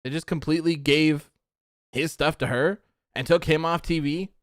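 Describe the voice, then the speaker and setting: Young male streamer, smooth clear voice, dry close sound, rambling frustrated rant. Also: on the high side, fairly even intonation, normal speed, no room sound. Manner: frustrated, rambling, reads chat comments aloud. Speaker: livestream host. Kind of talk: casual wrestling post-show chat.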